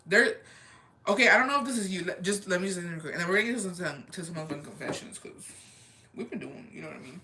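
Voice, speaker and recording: A woman's voice: on the low side, animated, quick pace, background noise. A young woman hosting a casual chat where she answers viewer comments. She talks candidly, repeats phrases for emphasis, swears freely and slips Spanish phrases into her English. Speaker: livestream host.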